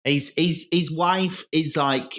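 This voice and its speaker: A man hosting a casual podcast chat, talking loudly and excitably, rambling with lots of restarts. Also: fairly high pitch, slow pace. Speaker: podcast host and comedian.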